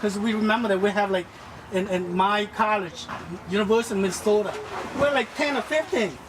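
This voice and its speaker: A man in his fifties with a Hmong accent and Hmong as his first language gives an earnest, halting speech to his family at a reunion. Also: high-pitched. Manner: earnest, halting, repeats and restarts phrases. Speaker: family elder giving a speech. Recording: clear background noise.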